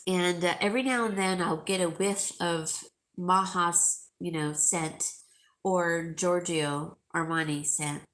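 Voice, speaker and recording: A woman's voice: fairly low pitch, fairly even intonation, slow pace, fairly bright tone. A middle-aged woman hosting a live jewelry sale, chatting emotionally with viewers and calling them by name. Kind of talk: casual chat with viewers.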